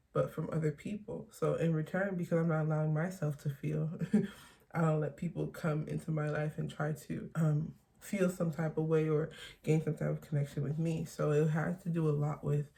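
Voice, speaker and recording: A young woman talking openly and haltingly in a confessional personal vlog. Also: low-pitched, creaky, warm tone. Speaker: vlogger.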